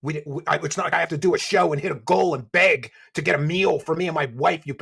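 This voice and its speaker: A middle-aged man with a gravelly, raspy voice that sits a little high for him. He rants in an insulting, scornful commentary style. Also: fast, a bit bright. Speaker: commentary streamer. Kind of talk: angry ranting commentary.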